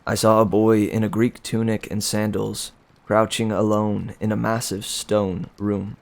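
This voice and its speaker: A man reading a novel aloud in plain, unhurried storytelling. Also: lowish voice, little pitch movement, vocal fry. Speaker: reader.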